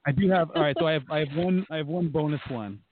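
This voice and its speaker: A man's voice: a little high, fast, a crowd in the background. A man hosting a casual online class show, playful, often repeating himself and laughing at his own jokes. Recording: tinny video call.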